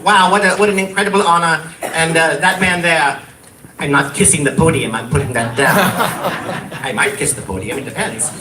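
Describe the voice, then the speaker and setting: A man's voice: a little high, normal speed. A man giving an exuberant, playful acceptance speech as a horror host being honored. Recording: echoey hall, distant mic, faint noise.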